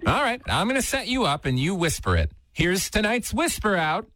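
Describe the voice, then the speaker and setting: A man's voice: high-pitched, sing-song, normal speed, bright, forceful tone, no room sound. A man hosting a rock radio show, bantering playfully with a caller. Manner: playful, teasing. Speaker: radio host.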